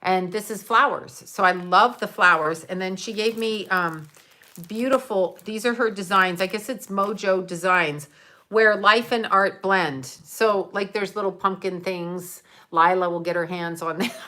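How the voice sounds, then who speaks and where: Bright and forceful, her mid-range voice carries a casual chat to camera. The middle-aged vlogger displays and thanks viewers for the gifts she's opening, rambling with frequent fillers.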